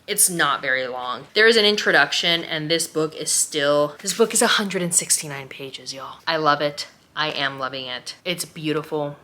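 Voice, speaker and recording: A young woman vlogging a heartfelt book review, emotional, moving between hushed, tearful passages and angry outbursts. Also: sits low.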